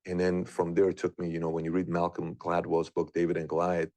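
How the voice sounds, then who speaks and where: A man's voice: low voice, monotone, brisk, warm tone, no echo. A man in his thirties earnestly telling a personal story, full of questions and doubt. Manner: earnest, questioning, rambling delivery. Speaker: guest sharing a personal story.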